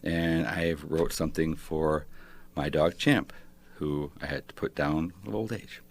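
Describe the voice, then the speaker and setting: A man with a very deep voice reads his poem aloud at an unhurried pace. His tone is gravelly and breathy, and he lets his words sink low and quiet. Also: steady tone. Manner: slow, tender reading. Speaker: guest writer.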